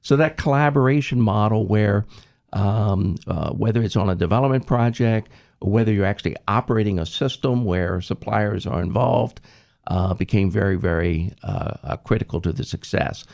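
Low gravelly man explaining methodically. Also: darkish tone. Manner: measured, methodical, frequent ums and restarts. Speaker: former government IT executive. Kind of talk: reflective interview answer.

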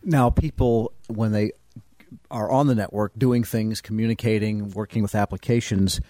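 A man with a lowish voice moderates a panel discussion. He poses questions to each guest in turn. The sound is dry and close. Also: steady tone, normal speed, warm tone, no echo. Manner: inquisitive, guiding questions.

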